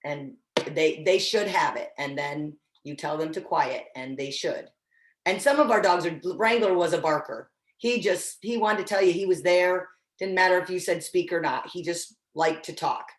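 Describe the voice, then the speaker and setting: A woman's voice: lowish voice, moderate pace. Echoey woman teaching dog commands. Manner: casual, encouraging, with frequent restarts. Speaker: dog training instructor. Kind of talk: online training class.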